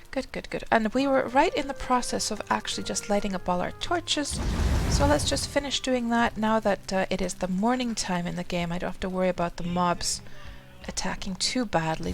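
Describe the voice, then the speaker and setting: Gravelly-voiced woman chatting while streaming a game. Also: medium pitch. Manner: rambling and chatty, often talking to herself and greeting chat viewers. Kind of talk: casual live-stream commentary.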